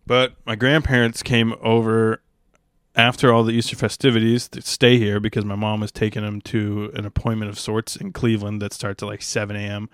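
A young man with a smooth, clear voice rambles through a casual solo monologue, wry and unfiltered, swearing freely. The sound is close and dry, with no room echo. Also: fairly low pitch, level tone, brisk, a bit bright. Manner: rambling, crude and profane, wry. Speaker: stand-up comedian.

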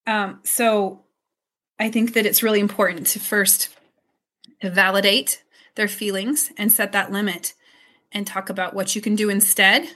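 Slow, gentle woman explaining. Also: medium pitch, steady tone. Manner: slow, gentle explaining with soft modeled phrases. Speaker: early childhood mental health consultant. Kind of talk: interview answers.

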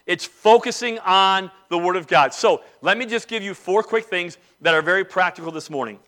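Bright-voiced emphatic male preacher. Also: high-pitched, normal speed. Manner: emphatic preaching, swinging between soft and loud. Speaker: pastor. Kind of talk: sermon.

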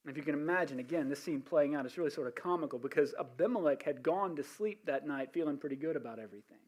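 Male pastor with a high voice, animated sermon storyteller. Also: fast. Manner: animated storytelling with frequent restarts and asides.

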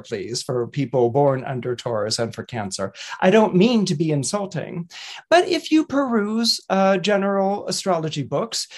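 A male astrologer who writes a weekly horoscope column tells a fable in casual storytelling talk. His voice sits high, and he's chatty and animated, chuckling as he goes.

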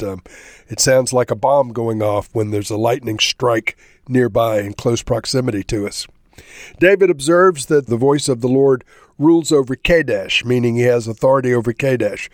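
A man reading a psalm aloud and explaining it in a devotional teaching, unhurried, stressing the verses he reads. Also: medium pitch, no echo, studio quality. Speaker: Bible teacher.

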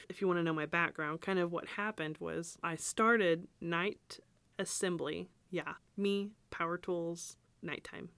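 Chatty laughing woman, low voice. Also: steady tone, a little slow, creaky, fairly bright tone, clear, resonant tone, no echo. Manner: chatty, laughs often, rambling asides. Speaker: podcast host and business owner. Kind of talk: casual podcast storytelling.

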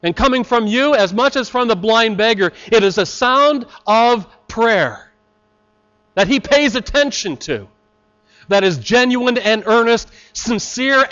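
A man preaching a sermon in a high, lively voice that swings widely in pitch. He is impassioned and dramatic, acting out cries before sinking to earnest quiet. The recording is a little dull and muffled. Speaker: pastor.

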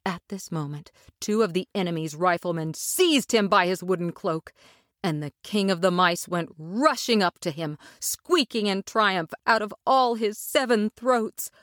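A woman narrating a children's story aloud with expressive, dramatic delivery. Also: medium pitch, measured pace, no room sound, clean studio sound. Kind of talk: storybook reading.

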